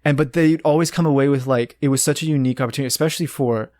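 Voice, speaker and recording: A young American man in his twenties, chatting casually and telling rambling, animated stories full of fillers. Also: mid-range voice, racing, no room sound, clean studio sound. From United States. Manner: rambling, animated storyteller with many restarts and "like" fillers. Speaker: guest. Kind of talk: casual storytelling chat.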